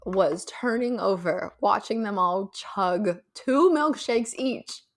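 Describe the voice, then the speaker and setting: Animated, swearing woman in her twenties. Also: medium pitch, slow pace. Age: 20s. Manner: animated, swears freely, acts out characters' lines. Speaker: podcast co-host. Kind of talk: casual recap chat.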